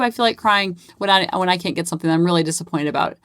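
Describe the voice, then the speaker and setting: A woman's voice: fairly low pitch, rapid-fire, few pauses, no echo, clean studio sound. A woman in her forties hosting a parenting podcast, chatting casually and acting out bits of dialogue with lots of "like" fillers. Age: 40s. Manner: animated, acts out quoted dialogue. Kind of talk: casual solo podcast storytelling.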